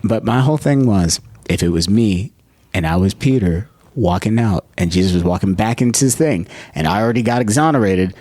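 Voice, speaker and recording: A man's voice: lowish voice, a little fast. A man co-hosting a casual podcast, telling stories with slang and frequent laughter. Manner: animated, jokey, slangy, breaks into laughter. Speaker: podcast co-host. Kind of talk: casual chat, storytelling.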